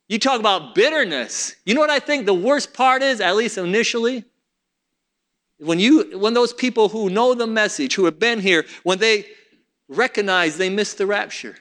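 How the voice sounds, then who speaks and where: A male preacher delivers a sermon, reading scripture aloud in a steady, measured rhythm. His voice sits high and bright. Between readings he sinks into soft, low-pitched asides to the congregation. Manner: reads King James scripture in measured cadence, drops to soft low asides.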